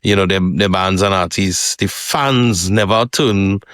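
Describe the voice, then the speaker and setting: A man, co-hosting a casual podcast and laying out his points in a relaxed, explaining way. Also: low-pitched, unhurried, no echo, clean studio sound. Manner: relaxed, chuckles, talks in long explaining runs. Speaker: podcast co-host. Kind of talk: casual chat.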